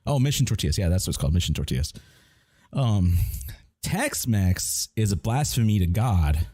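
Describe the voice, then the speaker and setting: A man's voice: low-pitched, lively intonation, moderate pace, darkish tone, slightly rough, no echo, studio quality. A man telling a rambling, profane story in casual chat while gaming, with many restarts. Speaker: gamer chatting on stream.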